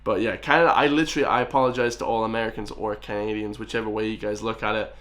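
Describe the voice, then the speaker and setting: Young irish guy reacting to a clip, excitable and rambly, keeps saying like and guys. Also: fairly low pitch, racing. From Ireland. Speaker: reaction video host. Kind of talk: casual reaction chat.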